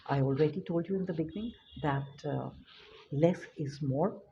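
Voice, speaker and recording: Mellow-voiced woman teaching writing. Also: sits low. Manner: unhurried, many filler words, demonstrative. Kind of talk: spoken lesson. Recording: dull lo-fi audio with faint noise.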